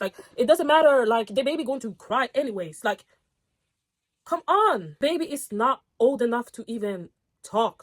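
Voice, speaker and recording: A young woman reading online posts aloud and reacting in a casual, outspoken way, swearing and getting heated. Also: on the high side. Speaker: storytime reactor.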